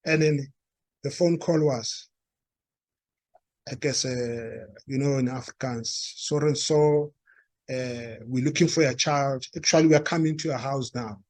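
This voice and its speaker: A man with a South African accent telling a story to a live audience, halting and restarting, and acting out the quoted dialogue. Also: mid-range voice, darkish tone, dry recording. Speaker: speaker at a talk. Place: meeting room.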